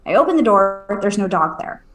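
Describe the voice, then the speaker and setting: A woman, a medium and podcast co-host, telling a story at home in a casual, animated way, swearing and checking in with her listener. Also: mid-range voice, brisk, low-quality recording. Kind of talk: casual storytelling on a live stream.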